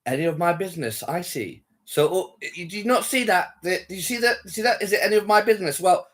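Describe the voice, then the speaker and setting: A man's voice: sits high, lively intonation, quick pace. A man hosting a livestream who teases and mocks a caller with flirty provocations. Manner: teasing, mocking, flirty provocations. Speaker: livestream host talking to callers. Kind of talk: taunting live call-in chat.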